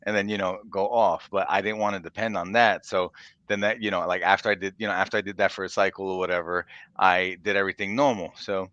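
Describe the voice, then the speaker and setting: A man's voice: deep voice, little pitch movement, fast talker, fairly bright tone, no echo, lo-fi sound. A young man co-hosting a podcast, rambling casually, laughing often and acting out little quotes. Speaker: podcast co-host. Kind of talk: casual chat.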